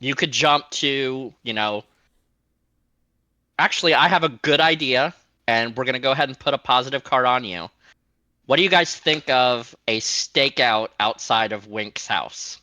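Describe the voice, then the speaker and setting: A male game master running a tabletop game, explaining the options in an easygoing way. His voice is very bright and tense, mid-pitched, and recorded dry and close. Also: a little slow, no room sound. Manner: relaxed, explanatory, laughs easily.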